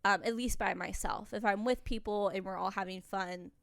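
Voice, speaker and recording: A young woman talks candidly on a podcast, rambling a little and laughing often as she goes. Her voice is smooth and clear at a middle pitch. The sound is dry and close to the mic. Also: steady tone, moderate pace, a bit bright, dry recording. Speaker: podcast co-host. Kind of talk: casual chat.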